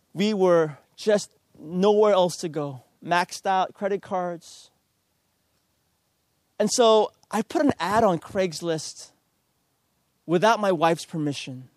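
A middle-aged man with a notably high voice delivers a storytelling sermon at a slow, deliberate pace. He pokes fun at himself, then turns earnest as he urges the listener to press on. The sound is close and dry, with no room around it. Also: no echo. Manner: self-deprecating, earnest exhortation.

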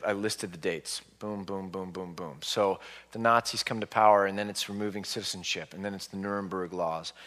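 In a large hall, a man in his forties speaking as an author tells lively stories to a live audience in a fairly low voice. He acts out the reactions of the people in them.

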